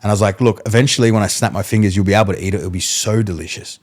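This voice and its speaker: A man, a mentalist guest, telling animated stories in casual podcast chat and acting out what people said. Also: on the low side, very fast. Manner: animated storyteller, acts out quotes, laughs mid-story.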